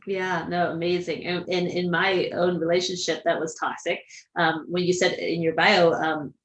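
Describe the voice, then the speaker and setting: Low-voiced woman host, effusive. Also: level tone, normal speed, a little hiss or hum, poor audio. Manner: effusive, lots of soft affirmations. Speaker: podcast host. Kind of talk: casual interview chat.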